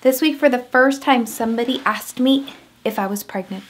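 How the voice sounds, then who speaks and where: A woman's voice: on the high side, normal speed. A young woman talking openly in a casual personal vlog, rambling and restarting often. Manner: candid, rambling, with many restarts and "like". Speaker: vlogger.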